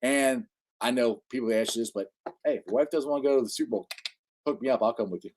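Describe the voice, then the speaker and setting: A man's voice: mid-range voice, quick pace, darkish tone, a little hiss or hum. A man from Cincinnati hosting a casual sports podcast live stream, enthusiastic and laughing at his own jokes. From Cincinnati, USA. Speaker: podcast host. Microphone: live-stream microphone.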